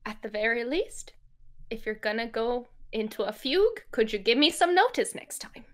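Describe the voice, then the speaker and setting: A woman's voice: fairly high pitch, big pitch swings, moderate pace, a bit bright, voice pushed down. A woman voicing a worried adventurer companion who presses and fusses in a flustered, slightly sarcastic way during tabletop role-play.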